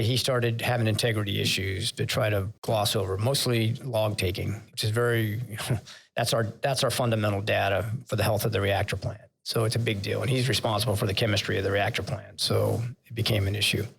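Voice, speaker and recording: An older man with a lowish, creaky voice, a retired vice admiral appearing as a podcast guest, shares candid interview stories. As he recalls his sailors, he grows emotional.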